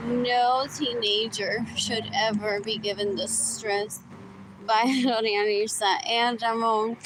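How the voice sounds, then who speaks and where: A woman's voice: a little high, little pitch movement, takes it slowly. A woman rambling through a live-stream monologue, often repeating herself and laughing between phrases. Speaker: livestream host. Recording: loud street traffic noise.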